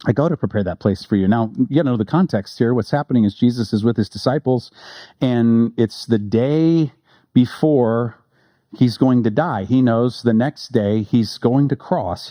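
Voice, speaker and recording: A male pastor giving a relaxed, conversational sermon, joking with listeners and slowing down to read quotes with weight. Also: medium pitch, no echo. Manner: conversational and joking, reads quotes slowly with emphasis.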